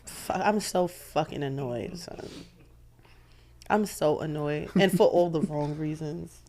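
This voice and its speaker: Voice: medium pitch, slow pace, darkish tone, a little hiss or hum. A podcast co-host in casual chat who is blunt and swears freely. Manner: blunt, swears, laughs along.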